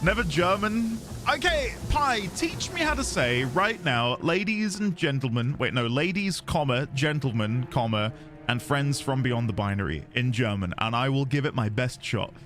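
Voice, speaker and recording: A man's voice: medium pitch, expressive, normal speed, over music. A man streaming a game, chatting with his viewers in a playful, goofy way. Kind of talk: casual game-stream chat.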